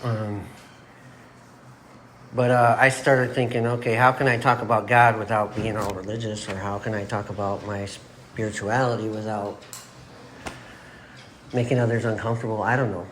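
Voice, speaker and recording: A man's voice: on the low side, flat delivery, moderate pace, long pauses, a bit bright, a little hiss or hum. A middle-aged man from Michigan telling his recovery story at an AA meeting, in a loose, self-mocking storytelling style. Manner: casual storytelling, laughs at himself. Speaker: AA meeting speaker. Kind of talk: personal recovery talk. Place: meeting room.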